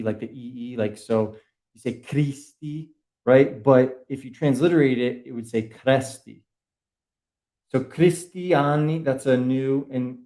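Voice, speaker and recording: A man's voice: mid-range voice, a little mellow. Profane Boston-accented man lecturing on a call. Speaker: podcast guest. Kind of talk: casual conspiracy-history chat.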